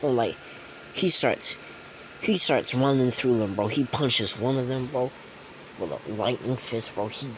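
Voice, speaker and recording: A man's voice: mid-range voice, measured pace, slight background noise, poor audio. A man casually retelling a fan story, rambling and slangy with many fillers.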